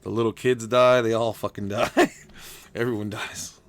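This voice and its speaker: A man's voice: fairly low pitch, normal speed. A man streaming a card game live, chatting casually with his viewers and swearing freely as he plays. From United States. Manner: excitable, swears a lot, chats with viewers by name. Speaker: gaming streamer. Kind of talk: casual live-stream chat while playing.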